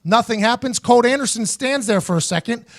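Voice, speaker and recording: A fairly high-voiced American man in his thirties tells a story on a podcast. He is animated and profane, and he jumps up in pitch when he acts out other people's lines. The recording is dry and close to the mic. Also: a little fast, dry recording. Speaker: host, former punter. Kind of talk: casual storytelling podcast chat.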